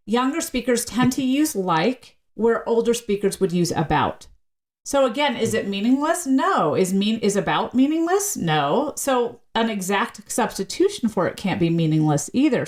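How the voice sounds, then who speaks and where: A woman talks casually as a linguist guest on a podcast, with a mid-range voice. She explains in an animated way, jumping up in pitch for emphasis and speeding up or slowing down as she goes. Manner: lively, explanatory, shifting pitch often for emphasis. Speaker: university teacher.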